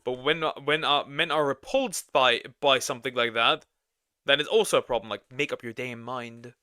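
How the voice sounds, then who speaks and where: A man's voice: mid-range voice, moderate pace, clear, resonant tone, no echo, studio quality. A man reacting to videos as a streamer, casual, crude and swearing. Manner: crude, swearing, bursts of loud laughter.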